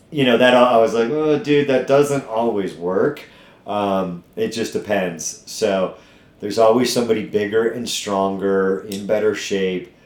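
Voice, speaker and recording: Middle-aged guy, runs a gym, blunt and swears a lot, lowish voice, sounds echoey. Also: a little mellow. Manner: blunt, profane, fired-up motivational talk. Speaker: podcast host and gym owner. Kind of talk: casual podcast chat. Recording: echoey room.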